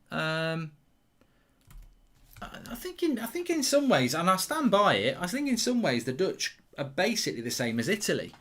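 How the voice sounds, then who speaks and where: A man hosting a live football watchalong, reacting excitedly to chances and reading out viewer questions. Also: a little high. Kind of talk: live match commentary and chat with viewers.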